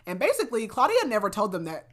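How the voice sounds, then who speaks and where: A woman's voice: fairly high pitch, wildly swooping pitch, fast. A woman hosting a podcast, retelling a book in a casual chat full of fillers and restarts. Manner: chatty, many fillers and restarts. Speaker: podcast host.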